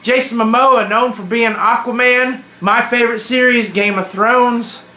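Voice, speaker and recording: A man's voice: very high-pitched, steady tone, unhurried, pushed and bright, reverberant. A young man giving opinionated, joking reactions in a casual, slangy vlog. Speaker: vlogger.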